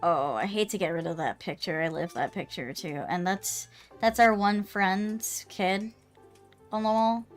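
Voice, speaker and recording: A woman chats casually as she plays a cozy game, gushing and reading lines aloud. Her voice sits at an ordinary pitch. Faint game music plays underneath. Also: measured pace. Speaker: streamer.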